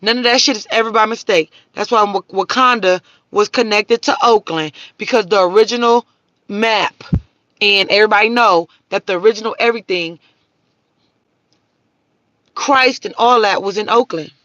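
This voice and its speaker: A woman's voice: medium pitch, normal speed, fairly bright tone, no room sound, dull audio. A woman hosting a livestream, talking bluntly and profanely and answering viewers' comments in a preachy, casual rant. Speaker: livestream host.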